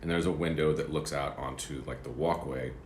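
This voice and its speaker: Casting note: man, very low voice, rambling casual streamer, roomy apartment sound. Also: steady tone, fairly quick, darkish tone, a little hiss or hum. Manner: rambling, chatty, eating between words. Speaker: livestreamer. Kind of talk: casual chat. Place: apartment room. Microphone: streaming setup.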